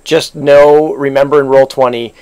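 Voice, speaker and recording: A male game master with a gravelly voice runs an online tabletop session. He rambles along, restarting his sentences often. His pitch is middling for a man. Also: steady tone, normal speed, darkish tone. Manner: rambling, with many fillers and restarts.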